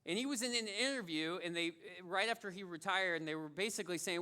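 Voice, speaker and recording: Male pastor, sermon delivery; high, sharp voice; talks like he's telling a story, repeats lines to drive them home. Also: fast, few pauses, clean tone. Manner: conversational storytelling, repeats key phrases.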